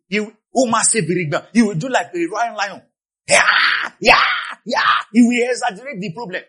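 High, animated, husky preacher man. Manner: passionate preaching, swinging between low asides and shouted peaks; repeats key phrases for emphasis. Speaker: pastor. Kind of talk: sermon.

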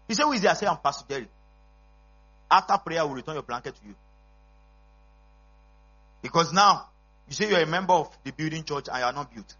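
A man preaching a sermon as pastor, emphatic, with call-and-response and bursts of shouting. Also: fairly high pitch, animated, brisk, long pauses. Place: church service. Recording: dull lo-fi recording with mains hum.

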